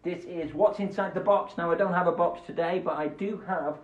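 A man with a high-sitting voice hosts a children's radio show live-streamed from home beside a window, talking fairly quickly. He's playful and silly, jumping between voices and asides. Recorded on a phone camera, the sound is echoey and dull.

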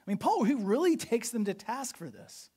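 Lively preacher with animated pitch. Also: moderate pace, slightly rough. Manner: animated teaching, explains church history with questions to the congregation. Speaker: pastor. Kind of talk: sermon. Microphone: podcast recording of a live sermon.

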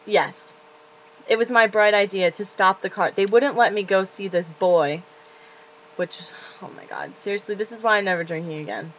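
A young woman in her late teens rants to camera from her bedroom. She talks in a loose, rambling way and swears constantly. Her speech is blunt and her voice sits at an ordinary pitch. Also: moderate pace, a bit bright, rough recording. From Florida. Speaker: vlogger. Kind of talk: confessional casual rant.

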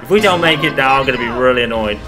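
A man's voice: medium pitch, animated, racing, music in the background. A young man giving live commentary over a co-op zombie game, exasperated and swearing often. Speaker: gaming channel host.

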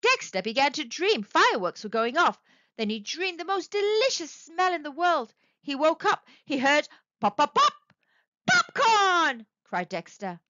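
Woman storyteller, high bright voice, very lively, dry slightly dull lo-fi sound. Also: no room sound. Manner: expressive, sing-song storytelling. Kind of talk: children's read-aloud narration.

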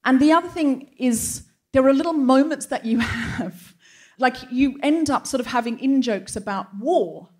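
A woman's voice: high-pitched, a little slow, breathy edge. Wry woman telling a comic story. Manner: chatty anecdotal, wry punchlines. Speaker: host. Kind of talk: live comedic storytelling. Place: theatre stage before a live audience.

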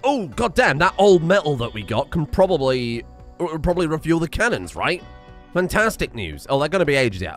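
Very animated and on the high side, this West Country streamer talks fairly quickly in a slightly bright voice. His let's-play banter is casual and jokey, loaded with swearing, while faint music runs underneath.

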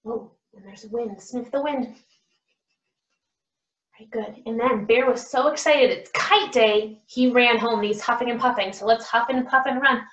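A woman's voice: fairly high pitch, a bit bright. Speech teacher lady reading to little kids, stretches out every sound, kinda muffled recording. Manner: slow, exaggerated, sounding out words. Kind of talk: reading a picture book aloud to children.

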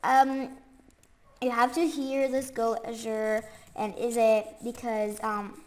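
A gaming YouTuber, a young woman, talks through game commentary in a very high voice that's stuffy and congested from a cold. She rambles at an unhurried pace, filling gaps with fillers and breaking into sudden excited squeals.

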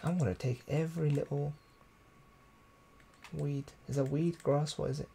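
A man's voice: fairly high pitch, steady tone, normal speed, gravelly, dark tone, slight background noise. A man streaming live gameplay, chatting casually, thinking aloud and reading viewer comments. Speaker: gaming streamer.

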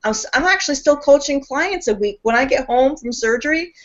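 A woman's voice: high voice, lively intonation, fairly quick, highs cut off. Woman host in loose, emphatic chat. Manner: emphatic, philosophical, talks in long loose runs. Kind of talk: casual conversational talk.

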